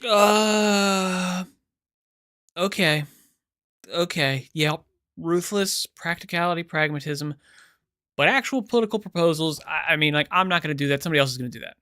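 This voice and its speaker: A man hosting a reaction video, casual and sarcastic, animated and exasperated as he comments. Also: on the high side, fairly quick, clean tone, no echo, clean studio sound.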